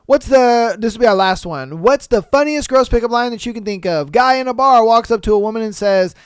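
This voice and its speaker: Joking, slangy podcast host with a smooth voice. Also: medium pitch, expressive, fairly quick, no echo. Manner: laid-back, joking, slangy, laughs at own bits; slips into exaggerated voices to act out quotes. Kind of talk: casual solo podcast chat.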